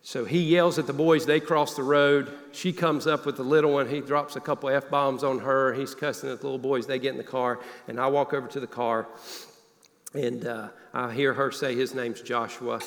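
A man preaching a sermon, telling a personal story in an earnest voice that often drops low and quiet. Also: fairly even intonation, normal speed. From Northeast Alabama. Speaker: pastor. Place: church sanctuary. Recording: long hall reverb.

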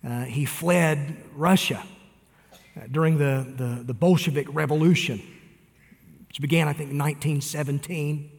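A man's voice: a little high, creaky, a little mellow, big-room sound. A man preaching a sermon, talking earnestly and appealing directly to his listeners. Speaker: pastor.

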